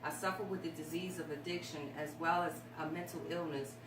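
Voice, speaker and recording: A woman's voice: sits low, steady tone, brisk. A woman guest on a talk show, speaking candidly and emotionally about her life, a bit rambling. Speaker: guest sharing her story. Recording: echoey room, distant mic, noisy.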